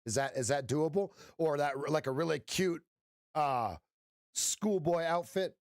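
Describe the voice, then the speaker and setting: A man's voice: a little high, a little slow, no echo, studio quality. A middle-aged man hosting a live trading stream, chatting casually with viewers, joking and giving folksy pep talks. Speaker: livestream trading host. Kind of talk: casual livestream chat with viewers.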